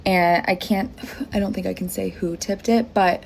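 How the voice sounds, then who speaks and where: Woman in her thirties, casual vlog storyteller, gravelly fry, chatty and profane. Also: medium pitch, steady tone, normal speed, slight background noise. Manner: chatty, full of likes, swearing. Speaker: bartender.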